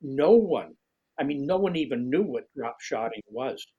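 A middle-aged man with a husky voice, telling a lively story as an interview guest, often restarting his sentences. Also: moderate pace, narrow, tinny audio. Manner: animated storyteller, restarts often, jumps high when quoting others. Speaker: guest, fishing writer. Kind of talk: storytelling conversation.

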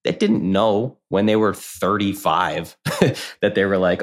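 A man in his thirties with a very deep voice tells a personal story as a podcast guest. He rambles casually and leans on "like" again and again. He slips into quick impressions of what other people said. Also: fairly even intonation. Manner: candid, rambling, heavy use of "like", acts out quoted voices.

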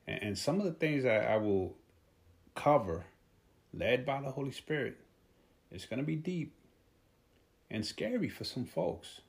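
A man preaching a sermon in a halting way, often repeating his words and chuckling at himself. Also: medium pitch, creaky, darkish tone.

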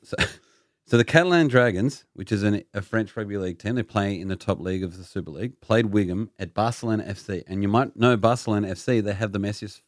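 A man's voice: lowish voice, fast, no room sound, clean studio sound. A man hosting a casual podcast chat, playfully quizzing his co-hosts. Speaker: podcast host.

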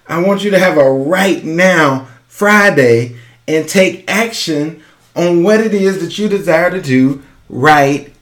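Male podcast host, fairly high voice, slow and emphatic motivational delivery, echoey room. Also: a bit bright. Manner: urgent, emphatic, repeats key phrases. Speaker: podcast host and business coach.

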